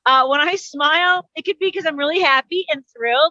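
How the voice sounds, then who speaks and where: Woman, comedian, sardonic and chatty, high bright voice, dry dull video call sound. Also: fairly quick, few pauses, dry recording. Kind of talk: stand-up comedy monologue.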